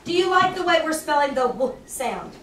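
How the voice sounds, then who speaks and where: A woman's voice: sits high, big pitch swings. Woman teacher, classroom spelling lesson, questioning and patient, roomy echo, background chatter. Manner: patient, questioning, slows down to explain. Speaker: third grade teacher. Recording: roomy, distant, noisy classroom recording.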